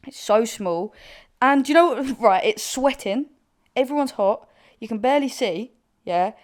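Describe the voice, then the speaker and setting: A woman's voice: a little high, lively intonation, a little slow. A young woman co-hosting a podcast, telling stories animatedly and laughing often in casual chat. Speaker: podcast co-host.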